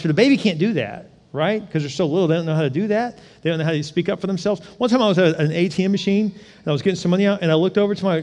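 High-voiced preacher in a reverberant hall. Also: male voice. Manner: conversational preaching with rhetorical questions; animated, acts out scenes with sudden loud cries. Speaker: pastor. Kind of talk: sermon.

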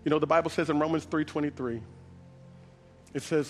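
A man's voice: on the high side, a little fast. A male pastor telling a Bible story in a sermon with dramatic storytelling, speaking in a large church auditorium. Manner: dramatic storytelling, acts out voices. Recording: long reverb of a large hall with soft music.

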